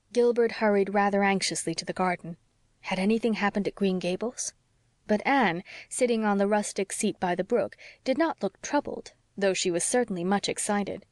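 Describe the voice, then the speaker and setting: A woman narrating an audiobook in a steady, unhurried reading voice. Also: medium pitch, no room sound, studio quality. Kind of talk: scripted narration.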